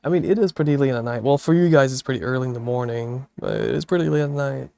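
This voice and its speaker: A man's voice: medium pitch, quick pace, gravelly, a little mellow. A man streaming late at night, drowsy and laid-back, chatting casually with viewers, swearing and laughing often, into a desktop mic. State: sleepy. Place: home streaming setup, seated. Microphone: desktop microphone through a mixer.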